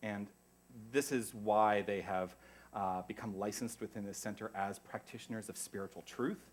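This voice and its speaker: At a church service, an American minister gives a chatty, effusive welcome full of rambling asides. His voice sits on the low side, with fairly even intonation and a normal pace.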